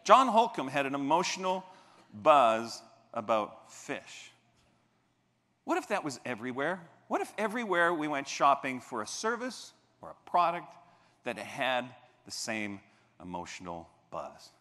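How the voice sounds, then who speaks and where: On a large convention hall stage, a man delivers a motivational keynote, telling stories and animatedly acting out the voices of the people in them. His voice is mid-range and unhurried, and the hall sounds reverberant.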